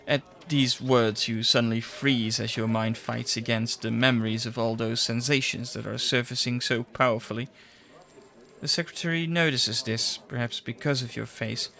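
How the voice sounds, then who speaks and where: A man narrating a solo tabletop game in the second person, measured and descriptive. His voice is bright and forward, at a middle pitch. He sounds like he is carefully setting each scene. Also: creaky. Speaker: game master.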